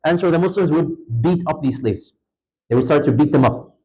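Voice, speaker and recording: A man giving an Islamic lecture in a mosque, telling a story in an animated way, acting out the dialogue and talking casually with restarts. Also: fairly quick, low-quality recording. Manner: animated, acts out dialogue with lifted pitch; casual phrasing with fillers and restarts.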